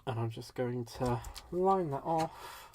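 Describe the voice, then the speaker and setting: A man's voice: mid-range voice, expressive, slow, darkish tone, slight background noise. A British man hosting a live crafting tutorial in a chatty way, talking viewers through each step while a bit stuffy from a cold. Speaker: crafting livestream host.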